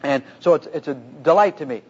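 A man's voice: on the high side, brisk, husky. A man who is a pastor, preaching earnestly through a personal story about marriage, in a dull lo-fi recording. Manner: earnest, anecdotal, animated retelling.

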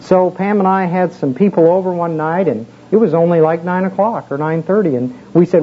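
A man's voice: fairly high pitch, a little fast. Folksy preacher man, muffled recording. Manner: folksy, conversational storytelling with many fillers. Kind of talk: casual sermon with personal story. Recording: muffled with faint background hiss.

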